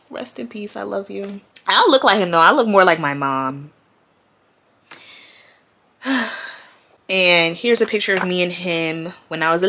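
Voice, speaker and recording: Grieving young woman, low bright voice. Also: lively intonation, measured pace, pauses often. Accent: New York. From Queens, New York. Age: 20s. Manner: grieving, candid, slangy and profane. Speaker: vlogger. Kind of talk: casual talk to camera. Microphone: camera mic.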